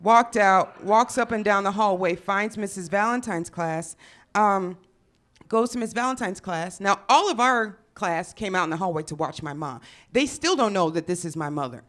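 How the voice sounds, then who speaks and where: A young woman from Chicago telling a funny story on stage, profane and animated, acting out the people she quotes. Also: medium pitch, normal speed. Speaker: storyteller comedian. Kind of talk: live comedic storytelling.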